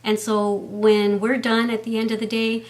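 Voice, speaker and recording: A woman's voice: a little high, completely flat delivery, normal speed, darkish tone. A woman, chatting heartfelt to camera at home with frequent "um" fillers. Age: 50s. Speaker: beauty and health vlogger. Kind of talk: casual chat to camera.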